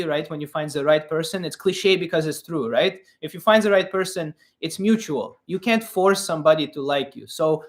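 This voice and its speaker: A man in his thirties hosts a live comedic advice stream, with a fairly high voice. He keeps a deadpan persona with broken English. His delivery rambles, full of fillers and restarts.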